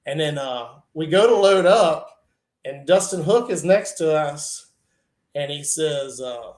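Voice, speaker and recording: Guy with kinda high voice telling a funny story, laughs a lot, echoey room. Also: slow. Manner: animated, laughs often, acts out quoted friends. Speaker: truck and tractor pulling guest. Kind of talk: casual storytelling on a live show.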